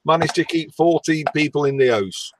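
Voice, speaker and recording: A man's voice: fairly high pitch, no room sound. A man co-hosting a casual livestream, teasing his friend and reading out the chat. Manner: slow, teasing, reads chat aloud.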